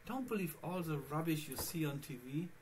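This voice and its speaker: Over a noisy background, a man with a fairly high, lively voice talks at normal speed. A Linux vlogger, he rambles chattily about his computer setup in a casual screencast, speaking right to his viewers.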